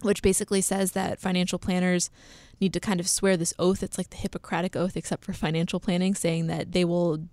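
A woman's voice: lowish voice, flat delivery, brisk, darkish tone, no room sound. A young woman co-hosting a podcast, chatting casually with many fillers and small laughs. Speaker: podcast co-host. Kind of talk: casual chat.

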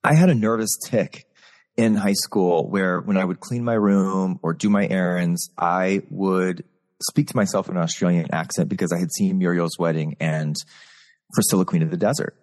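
A man's voice: sits low, fairly even intonation, normal speed, darkish tone, in a large hall. A man from Texas, a guest performer talking candidly in a casual interview over a video call. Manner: candid, storytelling.

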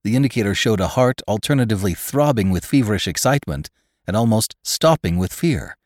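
A man reads a classic story aloud with a low voice and lively, rising and falling intonation. His delivery is measured and expressive. The sound is dry and close. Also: no echo. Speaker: podcast narrator. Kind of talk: audiobook narration of a classic story.

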